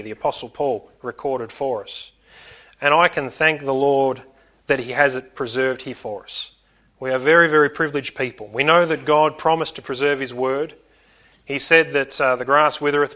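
Bright-voiced man preaching a sermon. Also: medium pitch. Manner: earnest teaching with repetition and emphasis.

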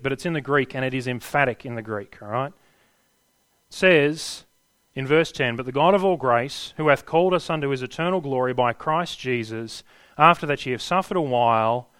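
A man preaching a sermon earnestly, building to emphatic peaks and dropping to hushed endings. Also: medium pitch, no room sound.

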